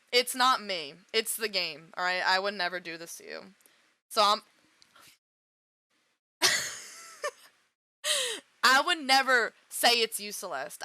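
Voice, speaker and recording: A woman's voice: mid-range voice, expressive, a little slow, long pauses, sharp tone, smooth, no room sound. A woman streamer reacting to a game, dramatic and swearing, swinging between laughter and wailing. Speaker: VTuber streamer. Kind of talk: emotional let's-play reaction.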